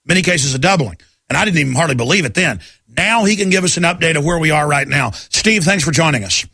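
Gravelly, bright-voiced ranting radio host. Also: male voice, on the high side, expressive, fast, dry recording. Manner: ranting, emphatic, many restarts. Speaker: radio talk show host. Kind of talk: talk radio monologue. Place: radio studio. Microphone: studio microphone.

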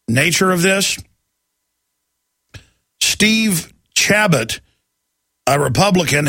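A talk-show man rants in an indignant monologue, his raised voice gravelly and husky. The tone is bright and forceful, and the studio sound is dry and close. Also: on the high side, no room sound. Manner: indignant, ranting.

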